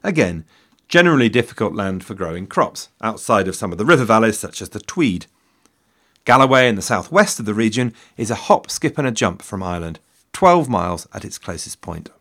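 A man's voice: on the low side, sing-song, a little fast, a bit bright. A man giving scripted history narration, with a wry, dry humor and self-deprecating asides. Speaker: history podcast host.

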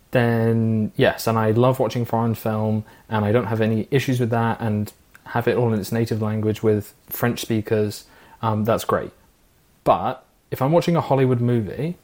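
A man co-hosting a film podcast speaks in a calm, even-handed way. He lays out his views patiently and plainly, like the voice of reason in a discussion. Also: mid-range voice. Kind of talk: casual film review chat.

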